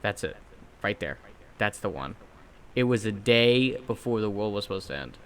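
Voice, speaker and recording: A young man co-hosting a podcast, telling a story in casual chat, animated and swearing, acting out quotes loudly. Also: lowish voice, normal speed. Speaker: podcast co-host.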